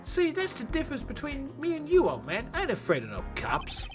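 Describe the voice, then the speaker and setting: Streamer putting on a swaggering punk kid voice, slangy and tough, lively pitch jumps. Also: brisk, faint music behind. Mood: brash. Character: cocky young male street punk, brash.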